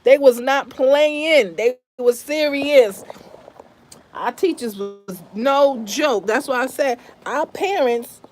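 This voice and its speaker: Emphatic middle-aged New woman. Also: a little high. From the Bronx, New York. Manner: emphatic, repeats herself, speaks straight to viewers. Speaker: family vlogger. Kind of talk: casual vlog chat.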